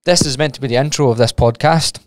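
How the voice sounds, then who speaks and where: A man's voice: medium pitch, quick pace, dry recording, clean studio sound. A Scottish man hosting a solo podcast, talking casually and rambling off on tangents, with the odd swear. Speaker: podcast host and personal trainer.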